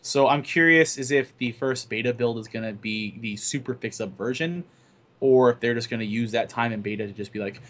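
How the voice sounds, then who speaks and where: A man's voice: mid-range voice, fairly quick, a bit bright. A young man co-hosting a casual gaming podcast, explaining things steadily and often restarting his words. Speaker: podcast co-host. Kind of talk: casual gaming news chat.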